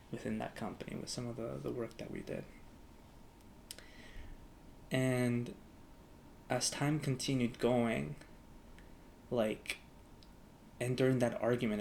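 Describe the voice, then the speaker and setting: A young adult man vlogs casually to camera, rambling through stories with lots of "like" fillers and playing both sides of past conversations. His mid-range voice is gravelly and a little mellow, with slight background noise.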